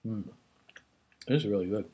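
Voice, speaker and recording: A man's voice: fairly low pitch, moderate pace, mellow, a little hiss or hum. A man in a casual home food video, chatting and rambling about his meal and stopping to chew between remarks. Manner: chatty, rambling, restarts, talks while chewing. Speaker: home cook vlogger. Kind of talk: casual food show-and-tell.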